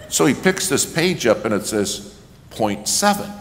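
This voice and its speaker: A guest preacher in a church sanctuary tells a story during his sermon, acting out quotes with animation until they rise into loud shouts. His mid-range voice moves unhurriedly, and the reverberant hall carries faint ambience and slight background noise.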